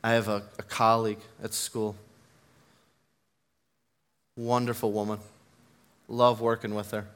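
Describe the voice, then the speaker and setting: A man's voice: lowish voice, little pitch movement, a little slow, long pauses, fairly bright tone, clean tone. Earnest man preaching a sermon. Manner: earnest, builds to fervent emphasis; tells personal stories with self-deprecating laughs.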